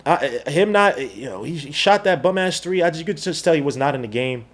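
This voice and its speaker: Animated New man, high lively voice. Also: brisk. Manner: animated, excitable, slangy fan talk. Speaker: podcast host. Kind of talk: live sports watch-along chat.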